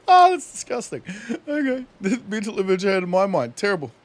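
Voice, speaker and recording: A man's voice: high-pitched, big pitch swings, normal speed. A young man casually commenting on his game during a livestream, laughing often and swearing freely. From New Zealand. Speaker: streamer.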